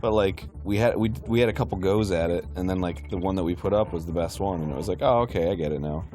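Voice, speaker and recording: A man co-hosting a gaming show, chatting casually and excitably while he plays, swearing freely. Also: sits low, fast talker, faint music behind. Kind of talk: casual chat while playing a video game.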